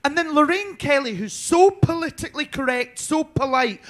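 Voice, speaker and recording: A man's voice: very high-pitched, expressive, moderate pace, few pauses, fairly bright tone. A young Scottish man telling a rambling backstage story on a panel, chatty, swearing freely, with lots of ums and restarts. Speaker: drag performer, viewing party panelist. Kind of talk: casual anecdote telling.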